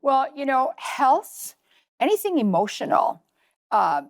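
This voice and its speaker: A woman's voice: high voice, big pitch swings, slow, no room sound, clean studio sound. A woman hosting an interview, speaking directly and giving practical advice. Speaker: host.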